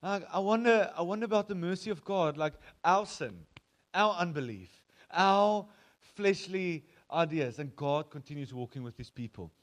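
A man's voice: sits high, animated, normal speed. A man with a South African accent preaching a sermon as pastor, telling the story conversationally and acting out quoted voices.

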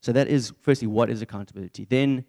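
A man's voice: medium pitch, quick pace, creaky, dark tone. A young man preaching a candid, conversational sermon in church.

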